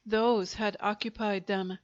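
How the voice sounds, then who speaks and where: An audiobook narrator, a woman with a mid-range voice, delivers scripted narration of a short story. Her tone is even and deliberate, and the recording has a dull, lo-fi quality.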